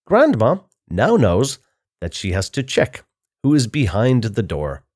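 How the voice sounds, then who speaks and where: Slow, expressive male storyteller. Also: medium pitch. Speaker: narrator. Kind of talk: children's story reading.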